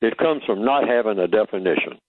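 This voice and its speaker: A man's voice: fairly low pitch, animated, brisk, no echo. Older guy preaching his point down a phone line, lots of "what's the key term?", dry and tinny. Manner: emphatic, rhetorical questions, teacherly. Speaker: guest. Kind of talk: radio interview talk.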